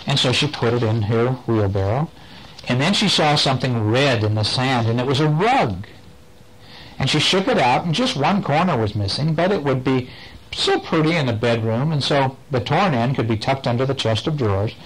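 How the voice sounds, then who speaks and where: A man reading a bedtime story aloud to a child, gentle and playful, stopping to point at the pictures and ask questions. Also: medium pitch, animated, normal speed, rough recording.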